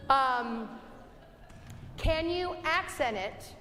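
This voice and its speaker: Young woman choir director, high voice, encouraging, reverberant rehearsal hall. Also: animated, bright, forceful tone, a little hiss or hum. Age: young adult. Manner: brisk and encouraging, sings example phrases. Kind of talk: rehearsal instruction. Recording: long hall reverb, faint music.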